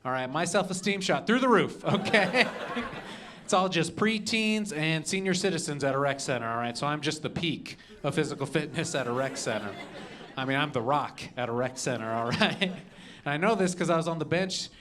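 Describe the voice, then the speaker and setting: A man's voice: on the high side, animated, moderate pace, background noise. Young male comic working a live room. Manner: punchy, adds "okay?" and "all right?" after jokes. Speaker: stand-up comedian. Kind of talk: stand-up comedy set. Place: comedy club stage.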